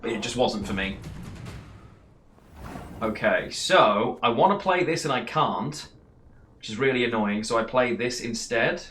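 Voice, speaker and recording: A man's voice: medium pitch, unhurried, pauses often, a bit bright. A man giving casual, rambling gameplay commentary while streaming and answering chat between plays. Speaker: streamer playing a card game.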